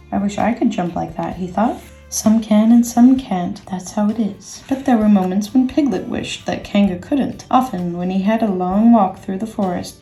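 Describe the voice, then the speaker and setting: A woman reading a children's book aloud with gentle, expressive storytelling. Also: mid-range voice. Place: indoors, workspace. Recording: echoey room, faint music.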